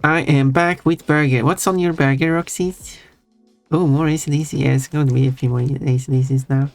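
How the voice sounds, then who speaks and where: A man's voice: on the high side, steady tone, a little fast, creaky, no room sound. A man streaming live, chatting casually and teasingly with his chat and chuckling often. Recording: faint music under voice. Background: soft background music.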